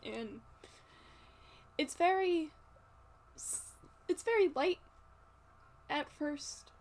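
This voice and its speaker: A woman narrating a tabletop role-play as game master, speaking in a halting way with frequent pauses. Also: high voice, expressive, darkish tone. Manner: halting, with frequent fillers and restarts.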